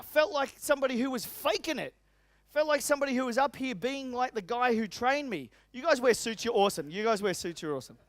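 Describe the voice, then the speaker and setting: A man's voice: very high voice, no echo. Punchy Australian man coaching a seminar. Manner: energetic, emphatic, repeats key phrases. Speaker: business coach. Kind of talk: motivational seminar talk. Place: seminar room with tables.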